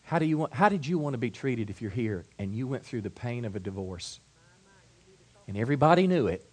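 A middle-aged pastor delivers a sermon from the pulpit. His voice sits at an ordinary male pitch, and he often restarts, repeating words on the way into a question. He drops to soft, low asides, then builds to loud, emphatic stretches. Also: lively intonation, a little fast, husky. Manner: varies loudness widely, soft asides to loud build-ups.

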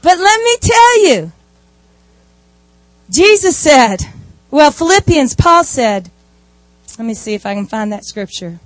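A woman giving a sermon, telling stories in a lively way with asides. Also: high-pitched, slow, long pauses, no echo. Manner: animated storytelling with asides. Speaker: preacher.

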